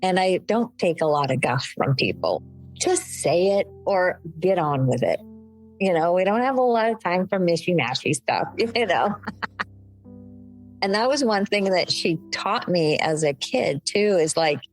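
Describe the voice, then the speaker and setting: A woman's voice: fairly low pitch, expressive, a little slow, soft background music, rough recording. An older woman, an interview guest, speaking candidly about her late mother, laughing through tears now and then. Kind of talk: emotional conversational interview.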